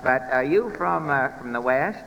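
A man's voice: mid-range voice, lively intonation, normal speed, creaky, fairly bright tone, dull audio, slight background noise. A man hosting a 1930s radio amateur contest, bantering and teasing the contestants in a large theater hall. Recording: old radio broadcast in a reverberant hall.

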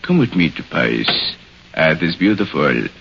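A man impersonating a suave romantic Frenchman in a low, resonant voice with a mock French accent, on an old radio broadcast. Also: very animated, normal speed, gravelly, noisy background, full character voice. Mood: smitten, crooning. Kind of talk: 1940s radio impression. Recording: dull 1940s radio broadcast.

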